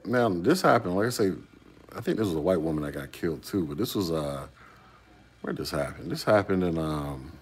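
A man's voice: deep voice, lively intonation, a little fast, slightly rough. A man hosting a casual YouTube talk, answering a viewer's comment with rhetorical questions.

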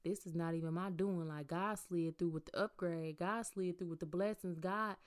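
A woman's voice: on the low side, fairly even intonation, moderate pace. A young woman sharing a heartfelt faith testimony from home. She speaks earnestly and directly, repeats lines for emphasis and talks to listeners as y'all. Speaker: vlogger sharing a personal testimony. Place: at home, just out of bed.

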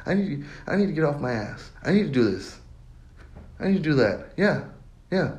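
A man's voice: on the high side, sing-song, brisk, a little mellow. A young man hosting his own podcast, talking in a rambling, profane monologue that loops back on itself. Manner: rambling, profane, repeats himself. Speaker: podcast host. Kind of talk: casual monologue.

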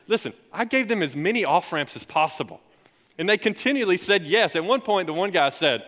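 A young man preaching as a youth pastor, telling stories in a lively, rising way. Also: high voice, brisk. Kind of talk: sermon. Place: church sanctuary. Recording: long hall reverb.

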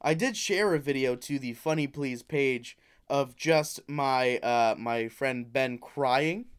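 A man's voice: medium pitch, slow pace, clean tone. A young man co-hosting a casual comedy podcast, rambling through crude jokes. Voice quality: crude, rambling jokey delivery. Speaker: podcast co-host.

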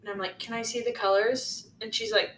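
A woman's voice: a little high, fairly quick. A young woman co-hosting a podcast, telling a story in a casual, chatty way with lots of "like". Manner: chatty, lots of "like", animated retelling. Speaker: podcast co-host. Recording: echoey room, faint noise.

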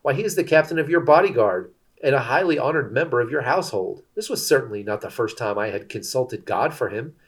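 A man's voice: medium pitch, lively intonation, fairly quick, breathy edge. A man reading the part of a priest earnestly pleading his innocence before a king.

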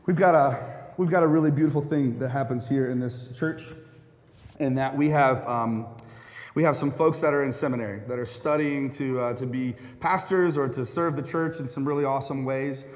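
A man's voice: medium pitch, normal speed. A man, a pastor speaking casually with fillers as he introduces a guest at a church service. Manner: relaxed, folksy, with fillers. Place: church sanctuary. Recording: echoey church hall.

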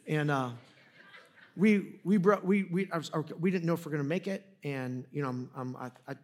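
A man's voice: a little high, brisk, darkish tone. A man preaching a sermon in a conversational, storytelling way, joking at his own expense with frequent restarts. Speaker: pastor.

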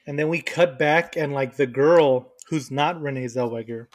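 A man's voice: mid-range voice, normal speed. A man co-hosting a podcast, casually and animatedly retelling movie scenes and laughing as he goes. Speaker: podcast co-host. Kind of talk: casual chat.

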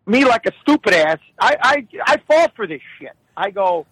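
A man ranting comically about his young daughter, animated and profane, full of exasperation. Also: high voice, normal speed, hardly any pauses, breathy edge, no echo, rough recording. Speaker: guest telling stories about his daughter. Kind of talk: comedic casual storytelling.

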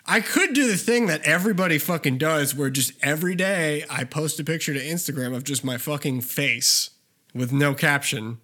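A man's voice: a little high, moderate pace, pushed and bright. A man hosting a podcast, joking and swearing through loose banter in casual chat. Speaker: podcast host.

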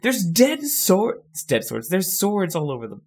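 A man's voice: high voice, wildly swooping pitch, a little slow, a little mellow, husky. A man hosting a podcast, chatting casually and teasing his co-host. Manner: joking, playfully teasing. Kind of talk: casual chat.

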